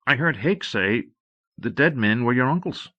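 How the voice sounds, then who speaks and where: A man voicing a chatty, curious young recruit who talks in a hushed, eager way, on a dull old tape. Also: mid-range voice, lively intonation, moderate pace, pitched above the performer's own voice.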